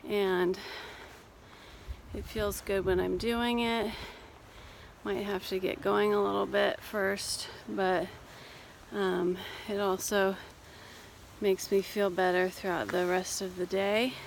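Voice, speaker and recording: Woman coach, casual walking vlog, unhurried and soothing, slight fry, phone mic outdoors. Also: medium pitch, little pitch movement, a little hiss or hum. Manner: gentle, reassuring, unhurried. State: a little out of breath. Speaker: life coach and therapist. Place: outdoors on a cold hill walk.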